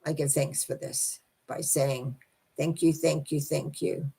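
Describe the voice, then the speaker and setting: An older woman, a psychic host, reading out viewer comments on a live stream and musing aloud in a soft, halting way. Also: sits low, steady tone, gravelly, slightly rough. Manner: soft-spoken, thinking aloud, frequent restarts.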